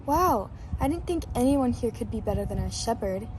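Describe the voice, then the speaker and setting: A woman's voice: on the high side, expressive, moderate pace, darkish tone, a little hiss or hum, lightly acted. A woman voicing a caring, tender-hearted sheep who asks eager questions, in an amateur scripture drama.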